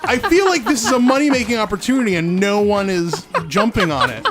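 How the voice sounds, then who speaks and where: Animated high-voiced man chatting. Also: brisk, very noisy. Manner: animated storyteller, laughs often. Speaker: podcast co-host. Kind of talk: casual chat while gaming.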